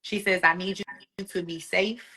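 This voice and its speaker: A woman guest with a lowish voice relates an emotional story from her own life at a normal pace, animatedly imitating the people she quotes.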